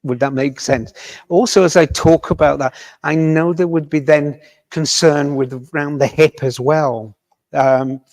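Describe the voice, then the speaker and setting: A man working as a medium in a village hall, talking gently and tentatively to a member of the audience and often checking that what he says makes sense. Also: fairly high pitch, fairly even intonation, measured pace.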